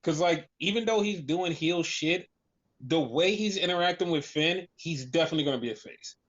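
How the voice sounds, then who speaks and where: This podcast co-host has a somewhat high, slightly bright voice and talks a little fast. He rambles casually, swears, leans hard on "like" and performs others' lines, with the audio dull and lo-fi.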